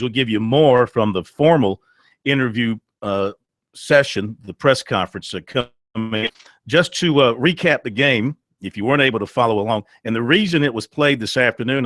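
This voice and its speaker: A man hosting a sports talk radio show, chatting his way through game recaps with frequent pauses. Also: medium pitch, fairly bright tone, no echo, studio quality.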